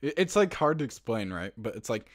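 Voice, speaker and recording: A man's voice: mid-range voice, sing-song, a little fast, very noisy. A man explaining a silly tutorial in casual talk, rambling and fumbling for words with lots of fillers. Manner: breaks into laughter and loud hoots. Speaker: online tutorial maker.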